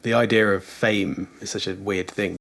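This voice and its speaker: A man's voice: fairly low pitch, steady tone, moderate pace, creaky, fairly bright tone. A man hosting a podcast, musing casually and laughing lightly as he talks. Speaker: podcast host and improvising musician.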